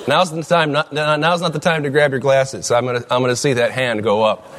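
A pastor preaching a conversational sermon, asking the congregation questions and reading scripture slowly and deliberately. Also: male voice, mid-range voice, steady tone, fairly bright tone. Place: church sanctuary. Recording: long reverb of a large room.

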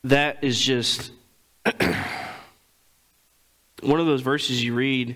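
A man preaching a sermon, reading scripture and retelling it in casual everyday speech, clearing his throat often. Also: medium pitch, fairly even intonation, takes it slowly, pauses often, fairly bright tone, low-quality recording.

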